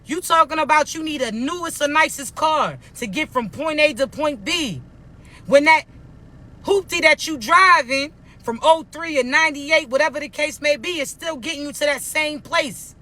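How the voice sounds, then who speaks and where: High bright-voiced man preaching bluntly. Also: normal speed. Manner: blunt, profane, repeats "I'm not playing with you". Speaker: spiritual motivational speaker. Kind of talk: preachy motivational monologue to viewers.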